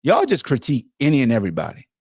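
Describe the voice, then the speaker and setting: A man's voice: mid-range voice, wildly swooping pitch, very fast, a little mellow, husky, no room sound, studio quality. A man hosting a sports podcast, ranting in a casual, profane, lecturing way. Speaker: podcast host. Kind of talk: casual sports commentary rant.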